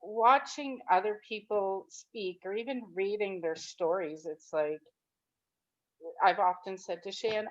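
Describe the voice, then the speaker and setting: A woman's voice: mid-range voice, a little slow. A woman in her thirties or forties giving an emotional, rambling testimonial on a group call. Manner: rambling, upbeat, tearful at times. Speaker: program participant giving a testimonial. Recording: dull lo-fi call audio.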